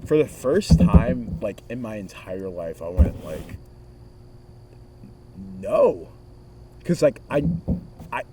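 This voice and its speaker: A man in his twenties talking casually with a friend, telling a story with lots of expression and acting out other people's lines. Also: sits low. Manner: animated storyteller who acts out quotes. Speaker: vlogger. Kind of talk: casual conversation. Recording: distant mic with clear noise.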